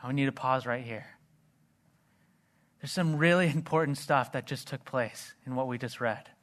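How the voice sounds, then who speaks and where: A man preaching a sermon in an earnest voice, reading scripture low and quiet. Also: moderate pace. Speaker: pastor.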